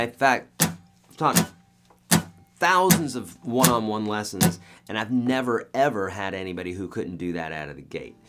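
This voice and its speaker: A man's voice: fairly low pitch, fairly bright tone, slight background noise. A man teaching a beginner guitar lesson, coaching emphatically and counting beats aloud as he strums. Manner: coaching, emphatic, repeats okay and right.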